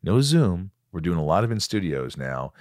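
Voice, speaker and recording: A man with a low voice hosts a podcast from his studio. He chats in a loose, excitable way, cracking jokes and jumping in with exclamations. The sound is close and dry. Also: no echo. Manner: excitable, jokey, quick to exclaim. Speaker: podcast host. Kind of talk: casual chat. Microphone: studio microphone.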